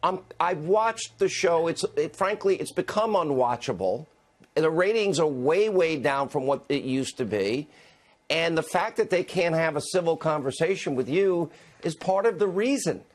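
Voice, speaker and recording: A man's voice: on the high side, animated, normal speed. A man hosting a cable news interview, opinionated and combative. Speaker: host.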